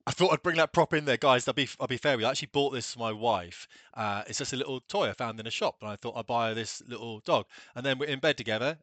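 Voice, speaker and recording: A man hosting a video, ranting in opinionated commentary and dropping low for confiding asides. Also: fast, hardly any pauses, a bit bright, no echo. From England. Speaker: video host.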